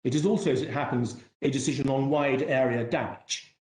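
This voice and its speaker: A man in court as a barrister, making formal, measured legal submissions with courteous, self-deprecating asides. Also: medium pitch, fairly even intonation, darkish tone, echoey room.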